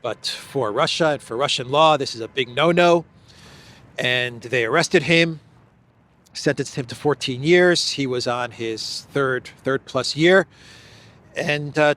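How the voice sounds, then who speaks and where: A man hosting a solo news commentary show, talking haltingly with many restarts and fillers, leaning hard on key phrases. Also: medium pitch, fairly bright tone. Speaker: political commentary host.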